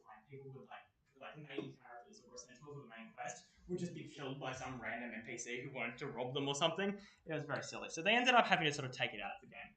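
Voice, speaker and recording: A man's voice: on the high side, pushed and bright, a little hiss or hum. A young Australian man giving a casual, rambling workshop talk full of fillers. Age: young adult. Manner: chatty, rambling, many fillers. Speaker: workshop presenter. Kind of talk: casual lecture. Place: university lecture room. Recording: roomy echo, mic far off.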